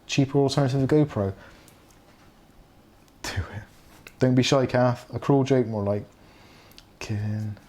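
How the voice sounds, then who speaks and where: A man in middle age hosts a relaxed evening live stream about tech. He chats loosely, reads viewer comments aloud and laughs easily, at an ordinary middle pitch. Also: measured pace, pauses often. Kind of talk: casual live stream chat.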